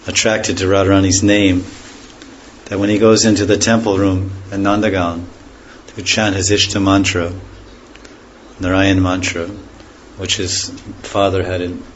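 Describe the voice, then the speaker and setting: A spiritual teacher with a fairly low voice leads a scripture class at an unhurried, reflective pace, often pausing to explain words and terms. His phrases fade softly at the ends, and a faint hiss runs beneath this rough recording.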